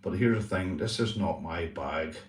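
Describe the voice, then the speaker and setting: A man's voice: deep voice, moderate pace, echoey room, far from the mic, slight background noise. A man hosting a casual livestream chat, talking earnestly and repetitively, swearing and calling his viewers "mate". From Northern Ireland. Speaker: livestream host.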